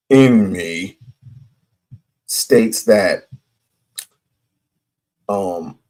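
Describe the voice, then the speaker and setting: A man's voice: on the low side, breathy edge. A man hosting casual commentary, talking emphatically and repeating his points. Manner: slow, emphatic, repeats himself.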